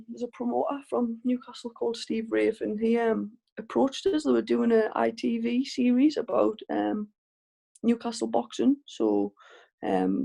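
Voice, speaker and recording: Gravelly, dark-voiced Geordie woman. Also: on the high side. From Northeast England. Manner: chatty storytelling with frequent restarts and laughs. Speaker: professional boxer, guest. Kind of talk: casual interview chat.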